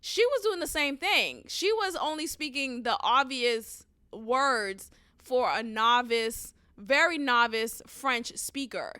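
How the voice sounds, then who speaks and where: A woman hosting a podcast, telling a story in a casual, animated and profane rant. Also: sits high, takes it slowly, clear, resonant tone, dry recording, studio quality. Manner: animated, profane, emphatic ranting. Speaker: podcast host.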